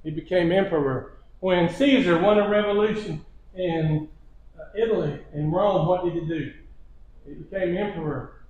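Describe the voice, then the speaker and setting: Preacher, male, high-pitched, chuckling storyteller, roomy church sound. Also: moderate pace, a little mellow, muffled recording, a little hiss or hum. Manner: storytelling with repeated phrases and chuckles. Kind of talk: sermon lesson. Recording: echoey church hall.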